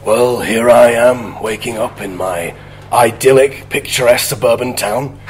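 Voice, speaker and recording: A man's voice: mid-range voice, measured pace, a little hiss or hum, natural voice, rough recording. A man voicing a noble lord with a formal, genteel, contented manner. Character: noble stern lord enjoying a quiet suburban morning.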